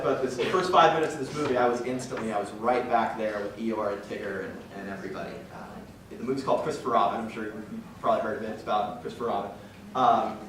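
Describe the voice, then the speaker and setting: A man's voice: medium pitch, a bit bright. Earnest man in a very echoey hall. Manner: earnest and emotional, rambling with restarts and chuckles. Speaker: guest speaker at a parish talk. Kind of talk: personal faith talk to a church group. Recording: very echoey hall from far off, noisy.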